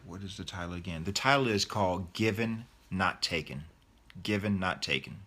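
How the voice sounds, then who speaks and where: Bright-voiced man answering reader questions. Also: sits low, animated, normal speed. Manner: reads viewer comments aloud, then answers them chattily. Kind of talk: casual live Q&A.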